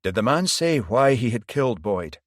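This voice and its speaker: A man voicing a male police detective who talks in a calm, measured way. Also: mid-range voice, no room sound, studio quality, pitched above the performer's own voice, lightly acted. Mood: steady.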